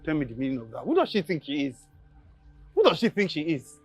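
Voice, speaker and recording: A man's voice: fairly high pitch, huge pitch swings, fast talker, soft background music. An actor with a Nigerian accent playing a proud young driver who lectures his boss bluntly. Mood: angry. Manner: lecturing, scolding loudly. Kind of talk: Nollywood film acting.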